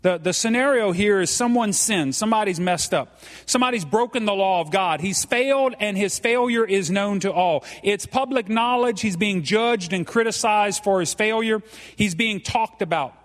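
A man with a Cajun accent preaches live from the pulpit, mixing teasing jokes into his points and checking in with "okay?" again and again. His voice sits fairly high for a man. The sound rings out with a long hall reverb. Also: normal speed. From South Louisiana. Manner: folksy and joking, tags lines with "okay?". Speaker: pastor. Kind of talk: live sermon. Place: church.

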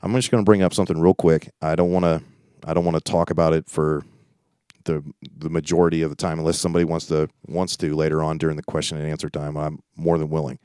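A man leads a Bible study, reading scripture aloud and pausing often to comment in a loose, conversational way. His voice sits very low and mellow, with a dry, close sound. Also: level tone, clear, resonant tone, no echo. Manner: reads scripture aloud then comments informally; conversational, with frequent restarts and asides. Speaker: preacher.

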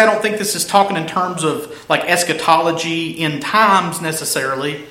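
A man delivers an expository sermon, pressing hard on key phrases and drawing them out slowly. His voice sits a little high and rings bright and forceful. The room echoes around him, with a faint ambience behind. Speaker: pastor.

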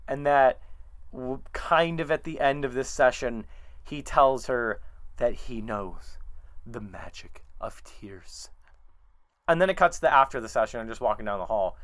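A man co-hosting a podcast, recapping a show in a relaxed storytelling way with quiet chuckles. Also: mid-range voice, normal speed. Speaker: podcast co-host. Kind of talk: casual chat recapping a show.

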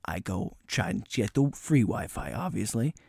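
A man's voice: lowish voice, very animated, normal speed, gravelly, a little mellow, dry recording. A young man co-hosting a podcast, telling stories in a loose, casual way, laughing often and slipping into comic voices for strangers. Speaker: podcast co-host. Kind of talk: casual chat, storytelling.

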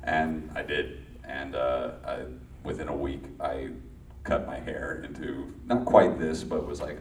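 A man's voice: a bass voice, steady tone, a little slow, creaky, darkish tone, reverberant, recorded from a distance, slight background noise. A man from Los Angeles telling a story to a live audience, often restarting sentences and laughing. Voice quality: rambling, self-interrupting, laughs often. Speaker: guest, former child actor.

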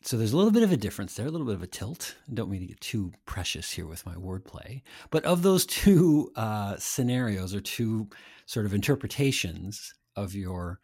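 A male podcast host with a lowish voice asks long, playful questions, rambling through fillers and restarts. The sound is dry and close. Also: sing-song, moderate pace, a little mellow, slightly rough, no echo. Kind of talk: interview questions.

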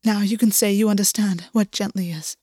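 An ancient king, tired and shaken, murmurs in a hushed whisper, as a woman puts him on. His voice sits a little lower than the reader's own and very soft. The sound is dry and close, with no room around it. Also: steady tone, brisk, no room sound, natural voice. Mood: weary tender. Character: ancient weary male king, tender and shaken.

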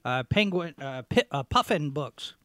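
Male talk host, fairly high voice, sarcastic, reads headlines, clears throat a lot, dry close sound. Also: sing-song, measured pace, pushed and bright, no echo. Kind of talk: opinionated commentary, reading headlines.

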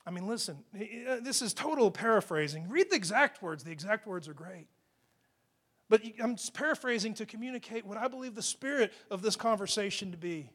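A man's voice: high-pitched, expressive, a little fast, fairly bright tone. A man preaching a sermon into a microphone, talking in a conversational, emphatic way and putting questions to his listeners. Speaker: pastor.

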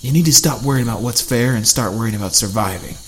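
A man's voice: mid-range voice, lively intonation, brisk, slight background noise, natural voice. A man voicing a big, burly South African survivor who talks in a sarcastic, snarling way. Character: big burly male survivor, harsh and sneering.

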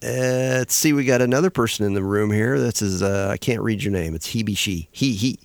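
A man's voice: fairly low pitch, a little fast, dry recording. A man hosting a comedic talk radio show, bantering and laughing often. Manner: giggly, lively, bantering.

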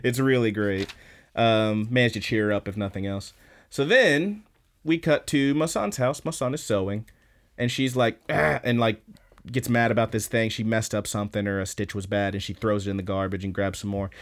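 A man co-hosting a podcast, casually recapping an anime episode with lots of fillers and quick laughs. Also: on the low side. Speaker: podcast co-host.

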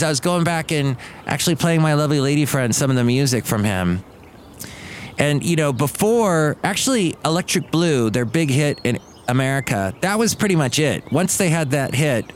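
A man hosts a podcast in a loose, chatty monologue. He drifts from one thought to the next, trailing off and correcting himself. A faint hum sits behind his voice. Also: mid-range voice. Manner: digressive, trailing off and self-correcting. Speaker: podcast host. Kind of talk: casual rambling monologue.

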